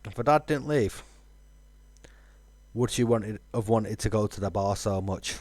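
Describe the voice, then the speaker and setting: A man's voice: fairly low pitch, a little slow, a little mellow, dry recording. A man, musing aloud with fillers while streaming a game. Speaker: gaming streamer. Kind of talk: casual let's-play commentary.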